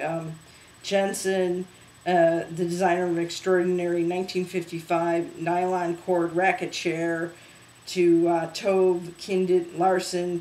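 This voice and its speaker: A woman hosting a casual home video show about thrift finds, talking chattily with many pauses and fillers. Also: fairly low pitch, darkish tone, reverberant, poor audio. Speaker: host. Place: home room.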